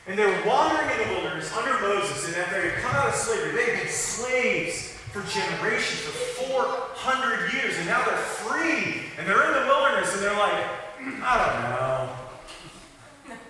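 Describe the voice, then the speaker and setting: A man's voice: high voice, expressive, fairly quick, few pauses, sharp tone, a little hiss or hum. A man preaching a sermon to his congregation, talking conversationally with joking asides. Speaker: pastor. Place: church sanctuary. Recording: echoey hall, mic from a distance.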